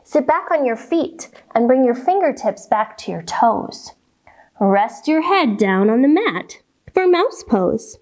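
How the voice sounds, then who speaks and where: A woman's voice: on the high side, very animated, takes it slowly, darkish tone. A woman guiding children through a yoga lesson in a playful, sing-song way, with animal sounds and a nursery rhyme. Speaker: kids yoga teacher. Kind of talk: guided kids yoga lesson.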